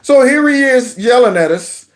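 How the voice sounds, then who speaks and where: A man's voice: very high voice, animated, normal speed. A man hosting his own commentary channel, mocking a clip with sarcasm and mimicry. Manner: sarcastic, mimics voices, breaks into song.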